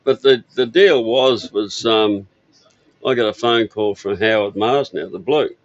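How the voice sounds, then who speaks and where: A man's voice: lowish voice, normal speed, dry recording, highs cut off. An older man from Australia telling stories about his parts business in a rambling, easygoing way with lots of fillers. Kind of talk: casual interview storytelling. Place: outdoor expo stand.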